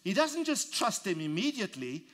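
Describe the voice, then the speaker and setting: A man's voice: high-pitched, big pitch swings, normal speed, a bit bright. A man preaching a sermon, reading scripture verse by verse and leading his congregation in call-and-response. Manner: reads scripture aloud and expounds it verse by verse. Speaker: pastor.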